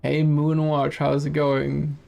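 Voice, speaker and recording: A male streamer chats with his viewers while he plays, his talk rambling and full of small self-corrections. His voice sits a bit high for a man, with a gravelly, fry-edged texture and a warm, mellow tone. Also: completely flat delivery, slow, faint music behind. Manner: rambling and chatty, self-correcting, laughs easily. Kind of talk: casual game-stream commentary, chatting with viewers.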